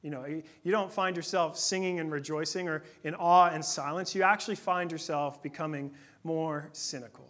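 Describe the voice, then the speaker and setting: A man in his thirties preaching a sermon in a conversational, earnest way, dropping to a hush at times. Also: on the high side, steady tone. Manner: conversational, earnest, with dramatic pauses and hushed moments. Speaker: pastor.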